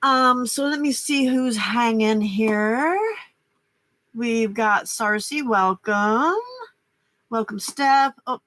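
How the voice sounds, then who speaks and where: A woman's voice: on the high side, slow, fairly bright tone, dry recording. An older woman hosting a late-night craft livestream, chatting casually with a stuffy nose, rambling and greeting viewers by name. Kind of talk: casual chat while crafting.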